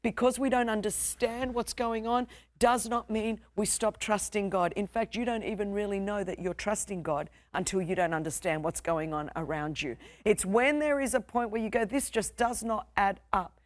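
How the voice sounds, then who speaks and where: With a mid-range voice, fairly even intonation, and normal speed, this young Australian-accented woman delivers a sermon as pastor. There's no echo, and her cadence is passionate, emphatic, and full of repetition.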